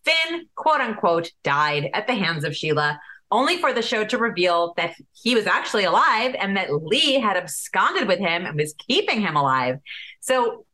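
A woman's voice: medium pitch, very animated, moderate pace, bright, forceful tone. A woman hosting an interview. She recaps the story, then asks conversational questions. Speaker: interview host, soap magazine editor.

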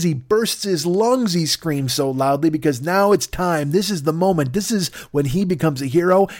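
A man telling a comic story on a podcast, rambling and swearing freely, building into loud mock-epic excitement. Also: on the high side, no echo, studio quality.

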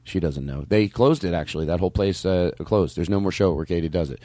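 A man's voice: deep voice, fast talker, warm tone, no room sound. A man hosting a comedy podcast in casual chat, rambling and playful as he keeps cutting himself off. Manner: rambling, self-interrupting, playful. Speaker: podcast host.

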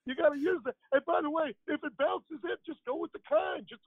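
A man doing an impression of an excitable older male basketball analyst, gushing in a high, loud voice. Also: fairly quick, dry recording, phone-quality sound.

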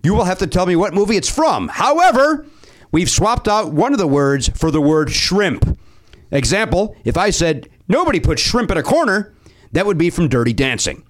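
A man's voice: high-pitched, sing-song, moderate pace. A man hosting a comedy podcast game show, upbeat and self-deprecating as he explains the rules.

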